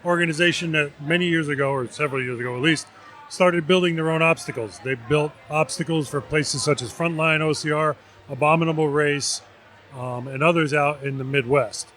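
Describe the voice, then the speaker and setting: A man from New Jersey with a slightly raised pitch explains his organizations step by step. His delivery is measured and informative, like a vendor talking at a booth. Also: fairly bright tone. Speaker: vendor representative. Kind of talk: casual interview.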